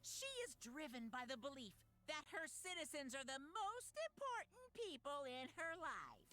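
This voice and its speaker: A woman's voice: high voice, very animated, moderate pace, sharp tone, full character voice. A woman voicing a cheery game-show style narrator in a game cutscene. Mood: upbeat. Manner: peppy, announcer-like.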